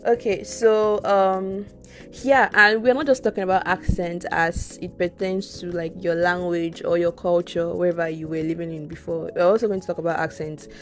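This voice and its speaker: A woman's voice: on the low side, steady tone, normal speed, soft background music. A young adult Nigerian woman co-hosting a podcast, speaking in an earnest, reflective way with frequent restarts. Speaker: podcast co-host. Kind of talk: casual podcast chat.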